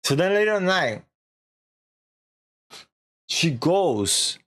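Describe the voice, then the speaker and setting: Brief: young male streamer, lively up-and-down pitch, rambling slangy recap. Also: extremely slow. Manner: rambling, animated, lots of filler and slang. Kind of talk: casual story recap.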